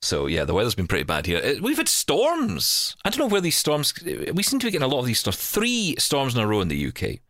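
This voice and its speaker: Playful, lively-voiced male host. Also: mid-range voice, quick pace, hardly any pauses, no echo, studio quality. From England. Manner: playful, rambling, self-deprecating. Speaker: podcast host. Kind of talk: casual chat.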